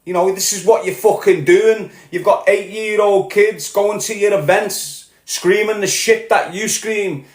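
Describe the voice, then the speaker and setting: A man with a Liverpool accent delivering a heated, profane solo rant as a podcast host, growing louder as he goes. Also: high-pitched, unhurried, few pauses, echoey room. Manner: heated, sweary, rising to shouting. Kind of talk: angry monologue rant.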